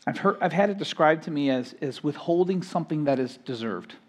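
This pastor's voice is a little high, husky, and fairly quick, with lively intonation. He preaches his sermon emphatically, going louder and higher on key phrases before easing soft, and frequently repeats words to build each point.

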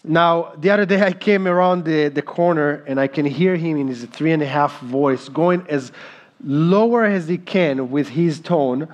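Male pastor, 30s, slow earnest sermon, slightly high voice. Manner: slow, earnest, emphatic preaching.

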